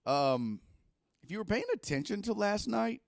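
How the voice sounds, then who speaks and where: A man hosts a loose sports talk stream, cursing and rambling as his pitch rises and falls a lot. The sound is dry and close, from a microphone plugged into a camera. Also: normal speed, creaky, dry recording. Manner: profane, animated rambling. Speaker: sports talk show host. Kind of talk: casual sports talk livestream.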